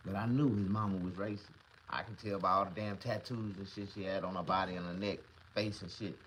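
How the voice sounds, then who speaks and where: A man vlogging to camera, telling a comedic story in a profane, boastful, animated way. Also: low voice, a little fast, slight background noise, rough recording.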